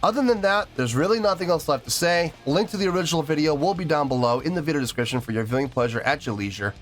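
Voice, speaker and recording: A man's voice: on the high side, animated, fast talker. Earnest man rambling about music. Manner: earnest, rambling, repeats himself. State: choked up, teary. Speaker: music reaction host. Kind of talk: casual reaction video talk.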